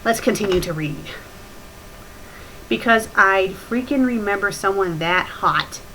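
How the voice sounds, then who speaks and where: Woman, bright forceful voice, sarcastic reader, exasperated corrections, mocking commentary, faint background hiss. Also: mid-range voice, measured pace, rough recording. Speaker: fanfiction critic host. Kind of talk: sarcastic dramatic reading with commentary.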